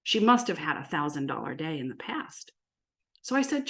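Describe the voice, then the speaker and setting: A woman who works as a marketing coach, giving an energetic, animated presentation full of stories and rhetorical questions. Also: deep voice, normal speed. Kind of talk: presentation to an audience.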